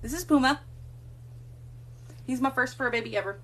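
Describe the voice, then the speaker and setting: A woman's voice: high-pitched, normal speed, a little hiss or hum. A woman hosting a casual live stream from a room at home, chatting to viewers and cooing baby talk to her cats.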